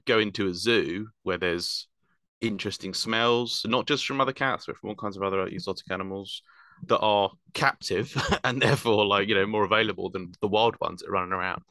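A man's voice: low voice, bright, forceful tone, no room sound. A man explaining wildlife at length in casual chat, rambling with fillers and self-corrections.

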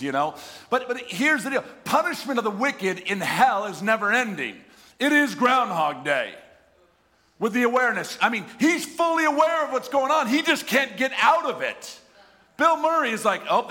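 A middle-aged man preaching a sermon, animated, acting out the voices of people talking to God. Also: high voice. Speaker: pastor. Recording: reverberant hall.

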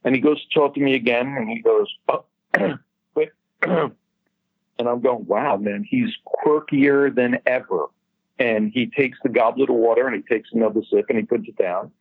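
A man tells a long story in a relaxed, chatty way and drops casual swears along the way. His voice is husky and dry. It comes through a slightly dull, muffled line. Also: mid-range voice, brisk, dry recording. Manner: chatty storyteller, swears freely, laughs at his own punchlines. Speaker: guest telling a story. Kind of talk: casual anecdote over a call.

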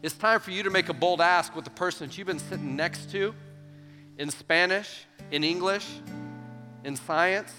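A man preaching an animated sermon to a youth gathering, slightly higher in pitch than most men. His tone is bright and forceful, and he acts out the quoted voices with emphasis. It sounds recorded in a big reverberant hall, with faint guitar playing underneath. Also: moderate pace. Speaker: youth pastor.

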